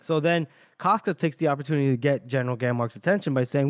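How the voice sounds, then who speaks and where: A man's voice: mid-range voice, fast, dry recording, clean studio sound. A man co-hosting a casual podcast about a book, retelling scenes and acting out the characters' lines. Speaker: podcast co-host.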